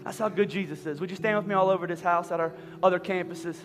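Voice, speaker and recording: High-voiced male pastor in a reverberant church. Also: fast. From Philadelphia, USA. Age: 30s. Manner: animated, rising to near-shouting. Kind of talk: sermon with a personal story. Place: large church auditorium. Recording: long hall reverb, faint music.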